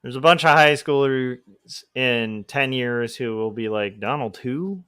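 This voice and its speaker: A man's voice: mid-range voice, unhurried, bright, forceful tone, clean tone, dry recording, clean studio sound. Rambling man chatting on a livestream. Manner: rambling and self-deprecating, with laughs. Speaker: livestream host and comic artist. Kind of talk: casual livestream chat.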